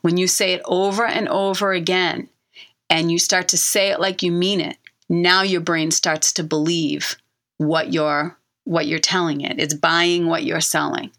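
A middle-aged woman talks straight to her listeners in a self-help podcast monologue. Her voice sits a little low, and her delivery is earnest and coaching as she repeats phrases to drive each point home. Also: little pitch movement, measured pace, a bit bright. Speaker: podcast host and author.

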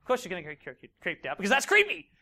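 A man coaching a live audience as a dating coach. He talks in an animated way, acts out little scenes and keeps checking in with "right?" and "okay?". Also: sits high, rapid-fire. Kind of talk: live seminar talk to an audience.

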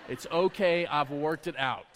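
A man preaching a sermon as a personal story, acting out conversations with lively swings in his voice. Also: on the high side, a little slow, slight background noise. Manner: animated storyteller, acts out dialogue. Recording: long hall reverb.

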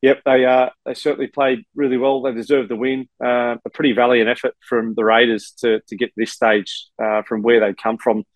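A man's voice: medium pitch, level tone, a little fast, hardly any pauses, dry recording, low-quality recording. Rambling Australian man, dry sound. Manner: rambling, many fillers and restarts, says mate often. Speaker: co-host, former player. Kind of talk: casual sports chat. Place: hotel room.

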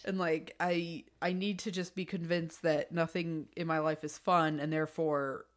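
Woman, 30s, slightly low voice, podcast co-host, casual recap chat, storytelling. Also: little pitch movement, normal speed. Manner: chatty storyteller, acts out quotes.

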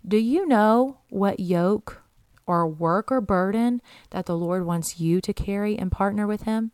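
A woman's voice: medium pitch, unhurried, a little mellow, smooth, no echo. A young adult woman giving an earnest, encouraging devotional talk and reading scripture aloud. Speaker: Christian podcast host.

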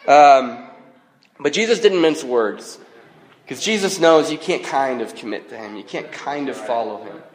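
A man in his thirties preaching a sermon in a relaxed, conversational way, joking and using frequent fillers. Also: fairly high pitch, moderate pace, slight background noise. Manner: conversational, self-deprecating humor, frequent fillers. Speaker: pastor. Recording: long reverb of a large hall.

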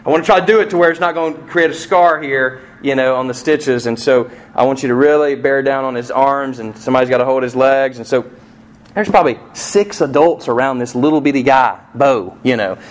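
A middle-aged man preaching a sermon as pastor, telling a family story and acting out the voices in it, with sharp swings from soft to loud. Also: medium pitch, a little fast. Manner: storytelling with vivid acted-out quotes and swings in loudness.

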